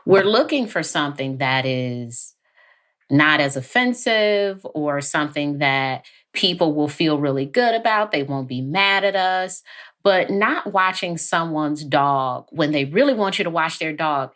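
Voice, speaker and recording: A woman guest on a podcast interview, talking calmly and evenly, sometimes acting out quoted lines. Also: low voice. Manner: calm, measured, acts out quoted lines. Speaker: therapist guest.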